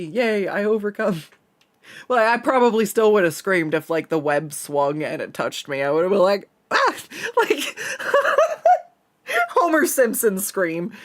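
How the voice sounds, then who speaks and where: Male art streamer, slightly high voice, loose rambling chat full of fillers. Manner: rambling, chatty storytelling with many fillers and laughs. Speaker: artist streaming a drawing session. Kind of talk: casual chat while drawing.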